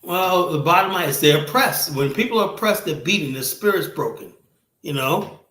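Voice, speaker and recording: A man hosting a stream, talking bluntly and profanely and rambling, with a steady stream of "you know". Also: on the high side, moderate pace. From United States. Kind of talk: casual stream talk. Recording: roomy echoey sound.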